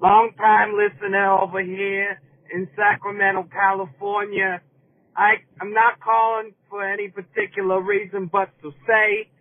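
A man calling into a podcast, loud, eager and rambling. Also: sits high. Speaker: caller. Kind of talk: phone call to a podcast. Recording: tinny phone line.

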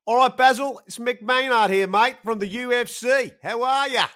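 Guy doing a chill aussie-sounding fight matchmaker, mate-this mate-that, highish voice. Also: normal speed, bright, forceful tone. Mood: matey. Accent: put-on Australian. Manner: matey, easygoing. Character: laid-back male fight matchmaker, mock Australian.

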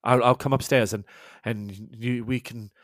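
A man voicing a frail, injured young woman who is polite and genteel, speaking in a halting, stammering, apologetic way as if weak and in pain. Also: mid-range voice, fairly even intonation, fairly bright tone, dry recording, clean studio sound, natural voice. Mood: anxious.

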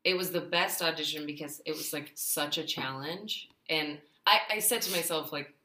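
A woman's voice: deep voice, normal speed, pushed and bright. A woman from Arkansas who is an actress, chatting earnestly on a podcast and telling an anecdote, with plenty of "like" in her speech. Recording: roomy echo.

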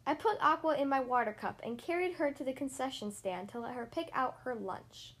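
Expressive woman reading a children's story. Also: high-pitched, a little fast, few pauses, breathy edge. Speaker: podcast host reading to kids. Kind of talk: children's story read-aloud.

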